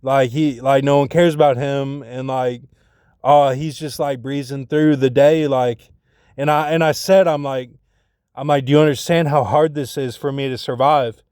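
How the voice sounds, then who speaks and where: A man's voice: medium pitch, steady tone, moderate pace, a little mellow, clean tone, no room sound, clean studio sound. A man talking in a rambling personal monologue, packed with fillers and restarts, getting agitated when he retells arguments.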